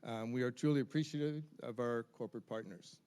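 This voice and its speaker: A forum moderator runs a university panel discussion, speaking a little fast in a mid-range, darkish, clean-toned voice. He reads out names and titles with frequent ums, and a distant mic picks him up in a hall.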